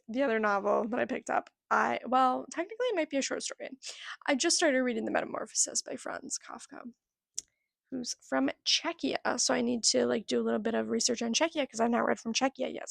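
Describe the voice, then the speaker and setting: A young woman chats about her reading in a chatty, giggly way. Her voice is heavily gravelly and husky and a little high, and it sounds dry and close to the mic. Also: dry recording. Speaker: book vlogger. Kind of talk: casual chat.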